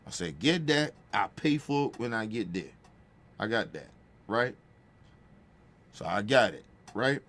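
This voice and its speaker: A man's voice: lowish voice, lively intonation, measured pace, long pauses, fairly bright tone. A man telling a casual, profane family story, checking in with the listener by often asking "right?". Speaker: podcast host.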